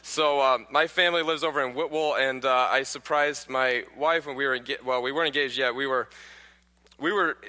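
A man's voice: mid-range voice, steady tone, fairly quick, pushed and bright. A man in his thirties from Pennsylvania, a guest preacher telling humorous stories and quizzing the congregation. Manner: joking, questions the audience. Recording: echoey church hall.

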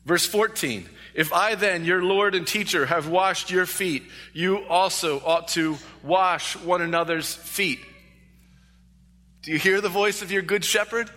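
Pastor guy preaching, bright forceful voice, kinda high, big echoey church sound. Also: a little slow. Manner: earnest, emphatic with repeated phrases. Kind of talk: sermon. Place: church sanctuary. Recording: long echo of a large hall.

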